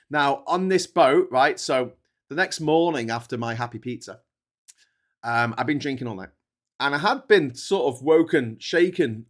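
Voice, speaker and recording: On his livestream, this host tells a meandering travel anecdote in a chatty manner, often cutting himself off mid-sentence with laughter at his own story. He has a medium-pitched, fairly bright tone.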